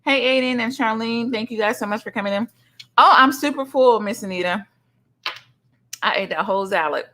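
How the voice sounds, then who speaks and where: A middle-aged woman hosting a livestream in casual chat, effusively greeting each viewer with loud, high greetings and calling people honey and sugar. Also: a little fast. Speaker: livestream host. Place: son's home streaming setup.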